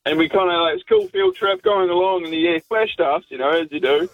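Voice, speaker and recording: Slangy young Kiwi caller on a dull line. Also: male voice, high-pitched, wildly swooping pitch, a little fast, no room sound, faint music behind. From New Zealand. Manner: rambling, crude and slangy. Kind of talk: casual anecdote on talk radio.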